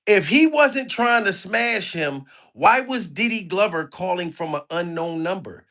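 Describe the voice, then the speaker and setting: Man, comic reaction vlogger, high-pitched, bright and forceful, mocking, animated. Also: measured pace. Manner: animated, mocking, begs for likes. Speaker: commentary vlogger.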